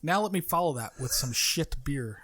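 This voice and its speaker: A man's voice: fairly high pitch, animated, moderate pace, a bit bright. A man co-hosting a podcast, telling stories in a chatty, casual way. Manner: chatty and laughing storyteller. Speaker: podcast co-host. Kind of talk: casual chat, storytelling.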